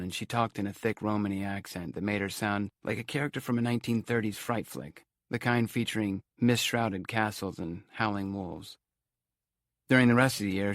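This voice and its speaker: A man's voice: on the low side, gravelly, dry recording, studio quality. A man narrating an audiobook in a wry, conversational storytelling manner.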